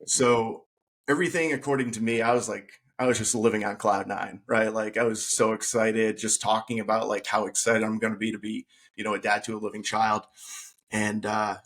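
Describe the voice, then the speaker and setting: A man's voice: fairly low pitch, creaky, a bit bright, breathy edge. A man who is a podcast guest, telling his own story earnestly in a conversation and acting out the things people said. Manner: earnest, retells scenes by acting out quoted speech.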